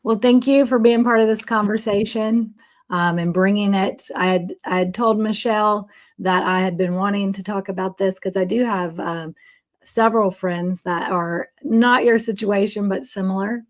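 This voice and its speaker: A woman hosting a podcast conversation, speaking in a gentle, reflective way with frequent pauses and ums. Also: mid-range voice, steady tone. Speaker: host. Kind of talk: faith-based podcast conversation.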